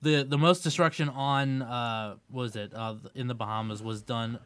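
A man's voice: medium pitch, fairly even intonation, moderate pace, a bit bright, clear, resonant tone, no room sound. A man co-hosting a podcast, relaying news items with wry remarks in casual chat. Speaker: podcast co-host.

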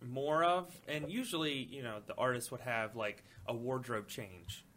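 Bright-voiced rambling man with faint hiss. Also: mid-range voice, moderate pace. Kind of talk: casual group chat.

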